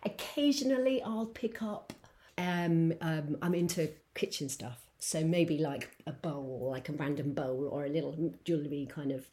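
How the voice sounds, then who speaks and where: A woman's voice: low voice, normal speed, mellow, a little hiss or hum. Woman, podcast guest, rambling, hesitant, lots of fillers. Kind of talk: casual chat.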